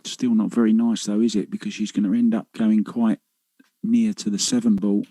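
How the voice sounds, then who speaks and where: A man giving relaxed, chatty live commentary on a pool match. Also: fairly low pitch, moderate pace, dry recording, low-quality recording.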